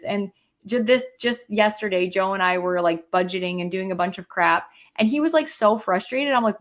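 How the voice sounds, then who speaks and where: A woman's voice: mid-range voice, moderate pace. Woman venting in casual podcast chat. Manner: animated, venting, uses filler "like" often. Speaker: podcast co-host.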